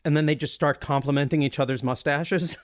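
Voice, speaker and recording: A man's voice: fairly high pitch, fairly even intonation, a little fast, no echo, clean studio sound. A man co-hosting a podcast, rambling enthusiastically with many restarts. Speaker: podcast co-host. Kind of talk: casual chat.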